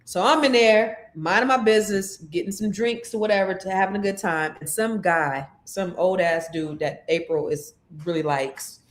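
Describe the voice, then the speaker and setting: A woman's voice: medium pitch, normal speed, few pauses. A woman co-hosting a casual chat show, telling a funny personal story with lots of laughter. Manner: animated storyteller, laughing often. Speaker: co-host.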